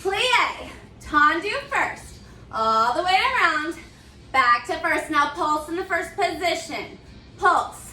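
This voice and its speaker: A woman's voice: very high-pitched, lively intonation, takes it slowly, sharp tone, distant mic, slight background noise. A young woman leading a barre fitness class, counting down moves with upbeat, chatty cues and slightly out of breath. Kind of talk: counting through a live workout class. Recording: roomy sound from away from the mic.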